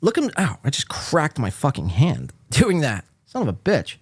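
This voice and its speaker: Male podcast host, snarky reaction commentary, lively high-ish delivery. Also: normal speed, husky, no room sound, studio quality. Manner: sarcastic, profane, rambling. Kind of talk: casual commentary.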